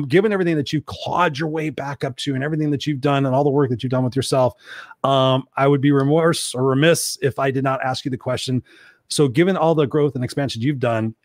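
A man's voice: medium pitch, no echo, clean studio sound. A man in his fifties hosting a live-streamed talk show, chatty and joking, swearing freely. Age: 50s. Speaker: host. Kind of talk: casual live-stream chat.

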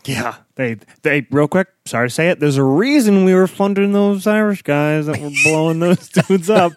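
A man's voice: fairly high pitch, expressive, moderate pace, noisy background. A man co-hosting a podcast, joking and laughing through loose, profane film talk. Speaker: podcast co-host. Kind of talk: casual film-review chat.

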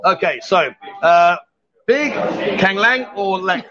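A fairly high-voiced man hosts a joking live stream, teasing guests and reading out comments. He talks from a busy bar on a muffled lo-fi mic. A loud crowd chatters behind him. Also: lively intonation, takes it slowly. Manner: jokey, teasing, reads out viewer comments. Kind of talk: casual live-stream chat.

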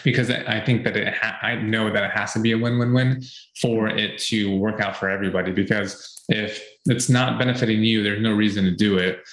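A man with a lowish voice talks through business tips in an earnest, casual way, circling back to his points with ums and uhs. His voice rings a little in an echoey room. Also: steady tone, a little fast, a bit bright. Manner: earnest, repeats points with fillers. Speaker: podcast co-host. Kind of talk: casual advice chat.

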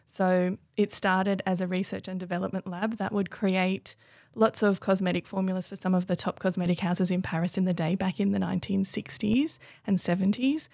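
A young adult woman, a guest on a podcast, explaining things in a measured, informative way. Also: medium pitch, steady tone, gravelly, darkish tone, dry recording, clean studio sound. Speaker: brand distributor guest.

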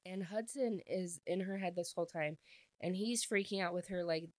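A woman with a low, deep-set voice talks through a book's plot in a loose, chatty way, stringing events together with frequent filler words. The sound is close and dry, with no room around it. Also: moderate pace, darkish tone, no room sound. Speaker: book reviewer. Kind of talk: casual book recap.

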